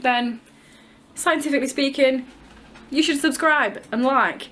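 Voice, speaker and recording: Young woman book vlogger, slightly high voice, chatty and emphatic, casual swearing. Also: a little slow, a bit bright. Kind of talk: casual book review chat.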